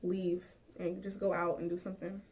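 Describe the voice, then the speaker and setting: A woman's voice: on the low side, little pitch movement, normal speed, darkish tone. A woman livestreaming, irritated and upset, venting to her viewers. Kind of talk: livestream talk to chat. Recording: distant sound from a played-back livestream.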